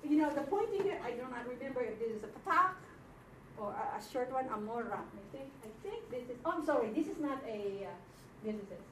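A woman teaching a Hebrew class in a classroom, slow and patient, often checking that her students follow. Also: on the high side, lively intonation, a bit bright. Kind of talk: classroom lecture. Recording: echoey room from far off, faint noise.

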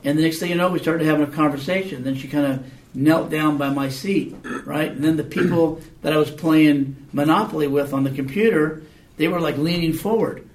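A man with a brisk, slightly high voice teaches a Bible class casually and conversationally, often checking in with students through questions. The room is echoey and the mic sits far off.

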